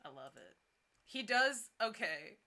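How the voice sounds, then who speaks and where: Unhurried bright-voiced woman streamer. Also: medium pitch, big pitch swings. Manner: joking, swears casually. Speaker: streamer co-host. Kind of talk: casual Twitch stream chat.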